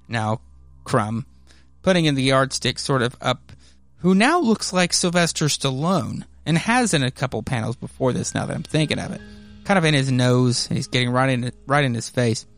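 A rambling male podcast host talks casually about comics at a middling pitch. The sound is dry and close to the mic. Faint music plays underneath. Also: expressive, normal speed, fairly bright tone, dry recording. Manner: rambling, loose, many fillers and restarts.

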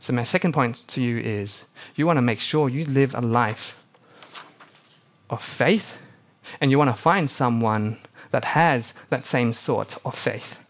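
A young man preaching a sermon to his church, telling stories with animated energy and acting out the people he quotes. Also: mid-range voice, a little slow. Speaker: pastor.

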